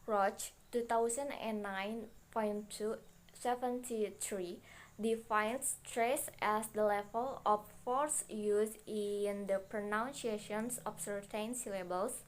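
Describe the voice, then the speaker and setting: A woman's voice: medium pitch, a little hiss or hum. A young woman, a native Indonesian speaker, reading a class presentation carefully, with restarts and self-corrections. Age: young adult. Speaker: student presenter.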